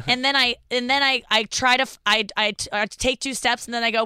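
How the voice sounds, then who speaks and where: A woman's voice: fairly high pitch, steady tone, a little fast, hardly any pauses, bright, forceful tone, smooth, dry recording. A woman hosting a comedy podcast, chatting casually in a rambling, self-deprecating way with many restarts. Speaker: podcast host.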